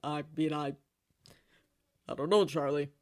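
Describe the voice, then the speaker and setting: A woman voicing a defensive, sarcastic king of hell in a fan-made audio story, dropping to a lower, gruff tone. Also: steady tone, a little slow, a little mellow, dry recording, clean studio sound. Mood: grumpy. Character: grumpy, flustered male king of hell, short and defensive.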